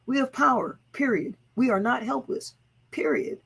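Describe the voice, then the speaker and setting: Hosting her own livestream, a woman speaks in a high-pitched, creaky, slightly rough voice at a moderate pace, full of expression. Her motivational rant is blunt and foul-mouthed, punctuated by chanted slogans meant to rally viewers, captured on a rough recording.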